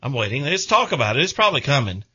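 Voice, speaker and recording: A man's voice: mid-range voice, big pitch swings, quick pace, sharp tone, husky, muffled recording. A middle-aged man, hosting a radio show in casual, rambling chat.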